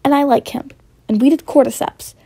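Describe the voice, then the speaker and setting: A woman's voice: high voice, steady tone, a little fast, mellow, no room sound, voice pushed up. A woman voicing a frustrated twenty-year-old man who talks back to his mother in raised, exasperated outbursts.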